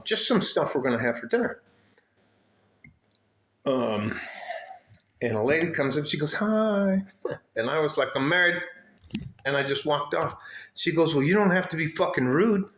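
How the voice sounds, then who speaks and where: A man's voice: mid-range voice, fairly bright tone, roomy sound, slight background noise. A man chatting in a rambling, casual vlog outdoors by his house, swearing and laughing as he talks. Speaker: vlogger. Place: outdoors at home, by his car.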